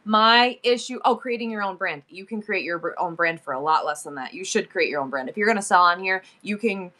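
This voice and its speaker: Hosting a live selling stream, a woman in her forties speaks in a bright, forceful, mid-range voice at a slightly fast clip. She talks emotionally about her son and pours out gushing thanks to her viewers.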